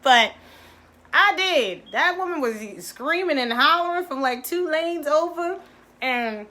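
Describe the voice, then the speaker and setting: Woman from Baltimore, mindfulness coach, lively motivational talk, slightly high, very bright and forceful. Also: unhurried. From Baltimore, United States. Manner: animated, laughing, swooping pitch.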